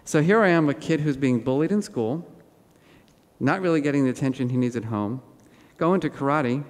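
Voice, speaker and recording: A man giving an interactive keynote talk to an audience, animated and playful. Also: mid-range voice, a little fast. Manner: animated, role-plays an upset teen with the audience. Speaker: keynote speaker. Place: large hall with audience. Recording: reverberant auditorium.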